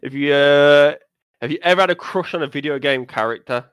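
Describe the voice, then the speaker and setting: A young man co-hosting a gaming podcast in casual chat, teasing and blunt, swinging between low mutters and loud outbursts. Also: a little fast, clear, resonant tone, dry recording, highs cut off. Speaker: podcast co-host.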